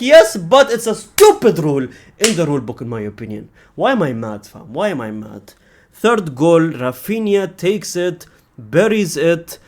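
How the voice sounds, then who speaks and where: Animated young man ranting about football. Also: high voice. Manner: animated, exasperated, swears often, says "man" and "fam". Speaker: football reaction creator. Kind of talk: casual ranting reaction.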